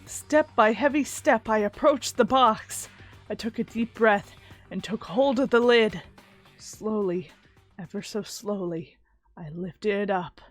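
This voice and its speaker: A woman's voice: fairly high pitch, a little slow, faint music behind, voice pushed down. A woman reading a nervous schoolboy narrator. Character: nervous, earnest teenage boy narrator. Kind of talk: reading game narration aloud.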